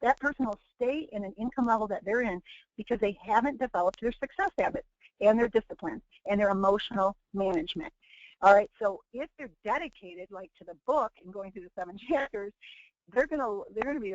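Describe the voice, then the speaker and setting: A woman leads a motivational webinar, hammering her points with repetition and little acted-out quotes. Her voice sits fairly high. The audio is dry and a bit muffled, like a lo-fi online call. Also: brisk, no room sound. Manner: preachy, repetitive, acts out quoted people. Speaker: webinar presenter.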